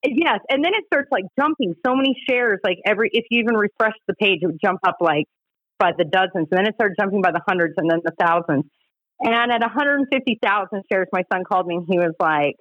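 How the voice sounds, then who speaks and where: A woman in her forties with a Utah accent tells stories in a relaxed, animated podcast chat. Her voice sits mid-range and is recorded close and dry, with a slightly dull, muffled tone. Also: mid-range voice, quick pace, dry recording. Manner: animated, laughing storyteller. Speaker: podcast guest, harm reduction director. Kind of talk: casual storytelling chat.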